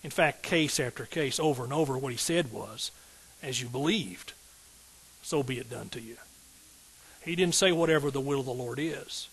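A man's voice: medium pitch, moderate pace, fairly bright tone, husky, rough recording. A middle-aged man, a pastor preaching a sermon in an emphatic call-and-response style with rising outbursts.

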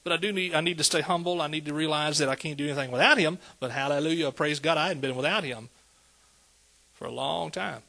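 A man's voice: a little high, fast, creaky, sharp tone. A man preaching a sermon, conversational and calling out to the congregation. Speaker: pastor.

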